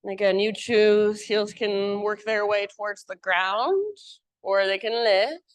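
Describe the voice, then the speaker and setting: A woman teacher guiding a live yoga class with calm, encouraging cues. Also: medium pitch, unhurried.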